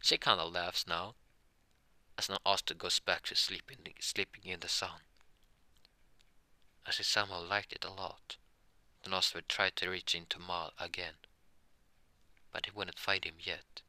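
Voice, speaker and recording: A man improvising a fan story narration, halting with frequent restarts and self-corrections. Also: sits low, flat delivery, bright, forceful tone, no room sound.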